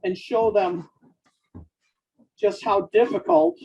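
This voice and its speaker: Author dictating his novel: high, lively voice with fry, slow and deliberate, calls out punctuation; muffled lo-fi recording. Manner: speaks punctuation marks aloud, slow and deliberate. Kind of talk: dictating fiction aloud.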